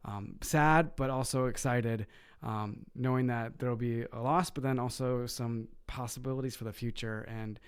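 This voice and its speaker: A man's voice: mid-range voice, steady tone, normal speed, smooth. A man, an associate pastor, talking in upbeat casual chat and laughing easily.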